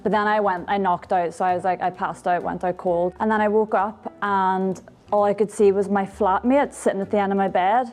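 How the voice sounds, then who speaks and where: A woman telling a story in a deadpan way. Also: medium pitch, brisk. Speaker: interviewee.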